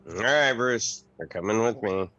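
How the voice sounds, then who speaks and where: A man's voice: low-pitched, little pitch movement, normal speed. A man playing a blunt, no-nonsense crewmate. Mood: firm. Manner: forceful, no-nonsense. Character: blunt, firm male crewmate. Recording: lo-fi recording.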